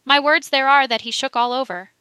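A woman's voice: sits high, steady tone, brisk, sharp tone, smooth, no echo, voice pushed up. A woman reading the lines of a reluctant male witness who gives short, guarded answers.

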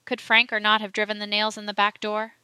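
Woman voicing a male prosecutor in a courtroom account, pressing, emphatic, bright clear tone. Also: medium pitch, monotone, a little fast, no echo, lightly acted. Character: forceful male prosecuting solicitor, insistent.

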